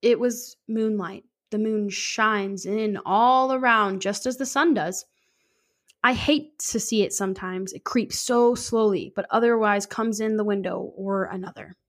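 A woman's voice: mid-range voice, a little slow. A woman podcast host reading a classic story aloud, stumbling over words and breaking off for cursing, joking asides.

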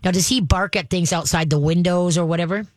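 An emphatic dog trainer walks an owner through training steps, pausing often to check in and demonstrating growls and firm commands. The recording is dry and close with no room sound, and the pitch sits in a mid range. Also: fairly even intonation, no echo. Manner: emphatic, checks in with frequent "all right?", acts out growls and commands. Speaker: dog trainer giving advice. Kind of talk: advice conversation.

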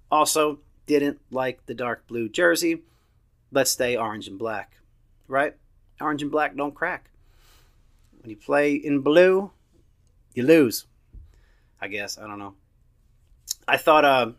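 A man's voice: medium pitch, fairly bright tone. A man in his thirties giving a blunt, opinionated solo review of a soccer match, swearing casually as he talks. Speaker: soccer podcast host.

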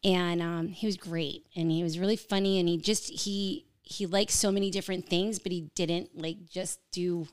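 A woman's voice: lowish voice, normal speed, hardly any pauses, clean tone, no room sound. A middle-aged woman guest in a podcast studio, telling stories in casual chat and laughing often. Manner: animated storyteller, laughs often.

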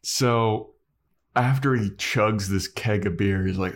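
A young man on a casual podcast, retelling a story with animated energy and frequent laughter, jumping into voices as he goes. His voice sits fairly low. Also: slow pace. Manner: animated storytelling, laughs often, acts out scenes. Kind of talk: casual recap chat.

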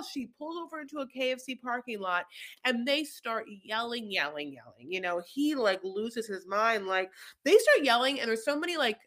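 A woman co-hosting a podcast, chatting through a reality-show recap in a lively, storytelling way. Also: a little high, moderate pace. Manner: animated storyteller, acts out the quotes. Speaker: podcast co-host.

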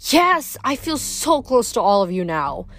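A woman reading a book aloud, voicing a cold, scheming female snow goddess in an unhurried, purring way. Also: a little high, big pitch swings, fairly bright tone, full character voice. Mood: silky, scheming. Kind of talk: read-aloud book narration.

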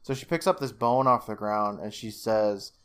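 A man's voice: lowish voice, normal speed, a bit bright, smooth. A man co-hosting a podcast, recapping a TV episode in casual chat, cursing freely, laughing often and acting out lines. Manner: swears freely, laughs often, acts out quotes. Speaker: podcast co-host.

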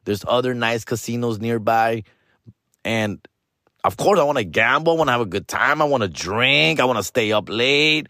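A man's voice: mid-range voice, lively intonation, normal speed, pushed and bright, dry recording, clean studio sound. A middle-aged man and podcast host, chatting casually in a rambling, profane way and dropping Spanish slang into his English. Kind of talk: casual chat.

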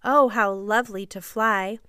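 A woman voicing an eager, motherly young girl who speaks in excited exclamations. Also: mid-range voice, unhurried, smooth, dry recording, studio quality.

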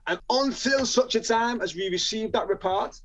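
A man's voice: high-pitched, moderate pace, fairly bright tone, pitched above the performer's own voice. A man doing a stiff Jamaican probation officer. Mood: officious. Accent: put-on Jamaican. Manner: stiff, officious legal phrasing.

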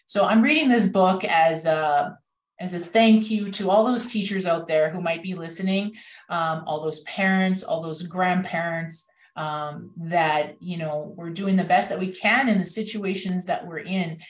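A woman's voice: on the low side, a little slow, echoey room. A woman, a learning consultant, speaks as a podcast guest and reads a picture book aloud in an earnest, heartfelt way.

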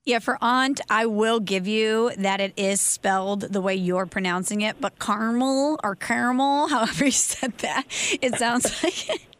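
A woman's voice: medium pitch, a little slow, a bit bright, no echo. A woman hosting a casual podcast, teasing her co-host and laughing often.

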